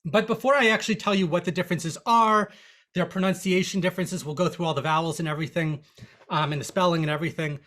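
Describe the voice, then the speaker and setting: A language teacher giving a lecture in a chatty, animated way, with frequent restarts. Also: mid-range voice, quick pace. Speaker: Yiddish teacher. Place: online lecture.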